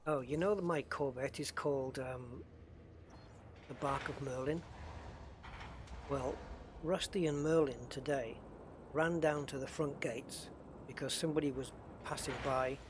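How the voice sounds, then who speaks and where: A middle-aged Englishman with an English accent, talking at a mid pitch while he streams a game. He chats loosely and keeps interrupting himself. A faint hum of room noise sits behind him. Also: a little slow, pauses often. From northeast England. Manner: chatty, rambling, self-interrupting. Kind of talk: casual live-stream commentary. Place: home room at a desk.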